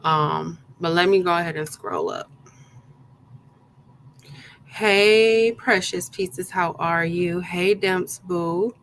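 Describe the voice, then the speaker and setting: A woman's voice: on the low side, fairly even intonation, slow pace, long pauses, fairly bright tone, slight background noise, rough recording. A woman hosting a live craft tutorial, chatting casually and greeting her viewers one by one by name, with plenty of ums along the way. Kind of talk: casual live-stream chat.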